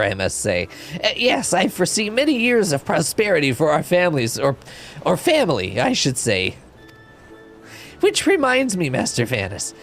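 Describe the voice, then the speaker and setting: A man's voice: fairly high pitch, pitched above the performer's own voice. A man voicing a flustered, wealthy older father in a raised, blustering voice. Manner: blustering, shouting.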